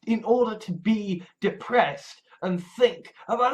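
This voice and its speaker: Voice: medium pitch, unhurried, few pauses, rough recording. A video essayist delivering a casual, rambling monologue full of profanity and emphatic asides.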